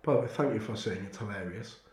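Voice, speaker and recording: A man's voice: lowish voice, quick pace. A young man and podcast co-host telling a story in casual, blunt, swear-heavy chat. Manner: crude, blunt, swears a lot. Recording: echoey room.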